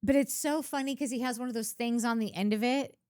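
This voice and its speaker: A woman's voice: fairly high pitch, brisk, darkish tone, no echo, studio quality. A woman co-hosting a podcast, chatting casually and rambling as she goes. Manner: rambling, many fillers and restarts. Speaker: podcast co-host. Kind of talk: casual chat.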